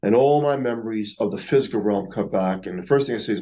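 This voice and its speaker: A middle-aged man, earnestly recounting a personal experience in a slow, reflective way. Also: lowish voice, warm tone, poor audio. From Staten Island, New York. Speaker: near-death experiencer. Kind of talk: personal storytelling.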